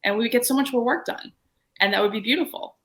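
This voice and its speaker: A woman speaking on a panel, telling animated stories about her security work. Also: a little high, fast. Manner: animated storytelling, quoting herself and others. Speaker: guest panelist. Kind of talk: panel discussion.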